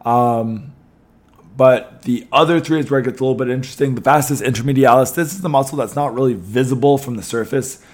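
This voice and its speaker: A young man talks through his podcast in a loose, chatty way, leaning on ums and restarting his sentences. His voice is a little hoarse. He has a mid-range pitch. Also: fairly quick. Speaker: podcast host. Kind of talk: casual podcast talk.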